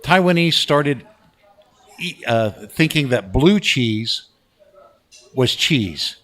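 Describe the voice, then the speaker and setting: Older guy, radio vet, telling old stories kinda slow, restarts a lot. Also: mid-range voice. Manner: relaxed anecdotal, frequent restarts. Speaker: radio veteran guest. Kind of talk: casual storytelling interview.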